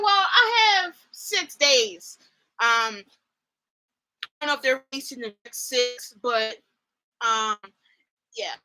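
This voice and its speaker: A young woman streaming a casual fan chat, excitable and rambling, gushing with lots of fillers. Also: sits high, rough recording. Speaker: streamer chatting with viewers.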